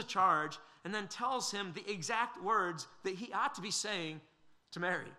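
A man's voice: high-pitched, measured pace, pushed and bright. A man preaching a sermon, earnest and questioning, with frequent fillers and restarts.

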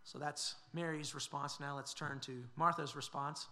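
A man's voice: a little high, steady tone, moderate pace, gravelly, bright, forceful tone. A man preaching a sermon, earnest and questioning, with frequent fillers and restarts.

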